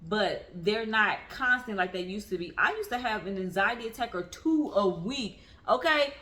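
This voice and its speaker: A woman in her thirties shares her own experience in a candid vlog. Her voice is bright and ringing, and she speaks earnestly. She leans on repetition to make each point land. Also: medium pitch. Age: 30s. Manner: earnest and emphatic, repeats phrases for weight. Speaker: vlogger. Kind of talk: candid personal talk to camera.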